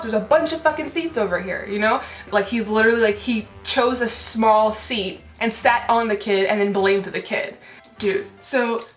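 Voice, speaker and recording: A woman vlogger tells a story as an indignant rant, swearing and leaning on fillers. Her voice sits a little high. The room adds a clear echo, with faint music underneath. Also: fairly bright tone.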